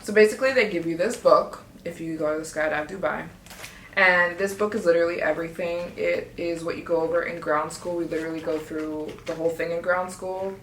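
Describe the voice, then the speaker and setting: Chatty, excitable woman vlogger in an echoey room. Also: on the low side, a little fast, a little hiss or hum. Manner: chatty, excitable, quotes herself often. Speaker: travel vlogger. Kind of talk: casual storytelling vlog.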